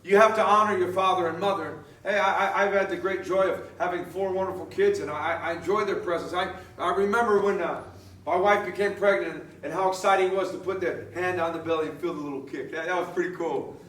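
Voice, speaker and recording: A man preaching a sermon in a relaxed, storytelling way, laughing often and restarting his sentences. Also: high-pitched, fairly quick, roomy sound, recorded from a distance, a little hiss or hum. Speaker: pastor.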